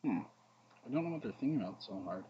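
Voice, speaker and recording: A man's voice: medium pitch, expressive, quick pace, muffled recording, a little hiss or hum. A man streaming a card game, thinking aloud between plays, humming and muttering, with joking asides to his chat. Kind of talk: casual gameplay commentary.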